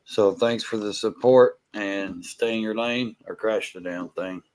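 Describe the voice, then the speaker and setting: A man's voice: lowish voice, measured pace, darkish tone. A man from the hosting a live stream, speaking in a tired, laid-back way. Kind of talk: casual chat.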